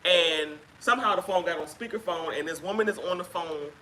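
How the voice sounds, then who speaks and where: A woman casually telling a personal story on a live stream, chatty and halting with fillers, acting out what others said. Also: fairly low pitch, a crowd in the background, low-quality recording. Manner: chatty, halting with fillers, acts out quoted speech. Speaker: guest sharing her story.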